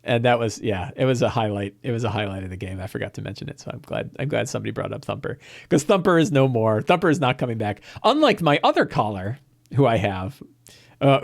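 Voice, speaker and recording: A man, the host and game master, casually retelling a tabletop session with laughter and frequent restarts. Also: medium pitch. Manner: rambling, laughing, many fillers and restarts.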